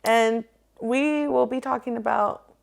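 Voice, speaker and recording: A woman's voice: on the high side, fairly even intonation, slow, gravelly. A young woman co-hosting a casual podcast chat, bubbly and upbeat. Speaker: podcast co-host.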